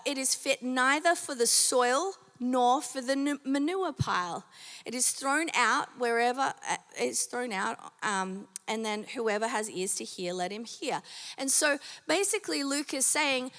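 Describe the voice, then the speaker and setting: A woman's voice: high-pitched, expressive, unhurried, a bit bright, in a large hall. A woman pastor preaching a sermon in a conversational way, with many fillers and questions to the congregation, her voice a little strained. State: slightly strained voice. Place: church auditorium.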